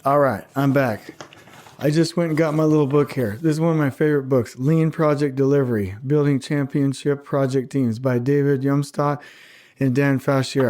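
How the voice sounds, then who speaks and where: A man's voice: medium pitch, normal speed, a little mellow. A man in his forties hosting a podcast, blunt and combative, repeating his points for emphasis. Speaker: podcast host. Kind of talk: fired-up podcast rant.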